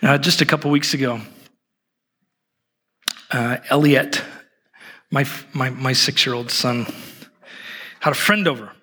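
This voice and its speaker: Man, 30s, pastor, bright husky voice, animated storytelling sermon, long church reverb. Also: medium pitch, unhurried, long pauses. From Portland, Oregon. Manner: animated storytelling with self-deprecating humor. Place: church service.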